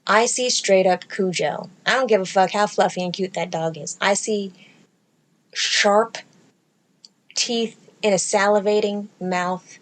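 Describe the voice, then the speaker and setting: A woman host spins a comedic story in casual chat. She swears freely and talks with sass. Her delivery is animated, and her pitch sits in the middle. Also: normal speed, hardly any pauses. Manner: profane, animated, sassy delivery with mocking baby-talk impressions. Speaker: podcast host.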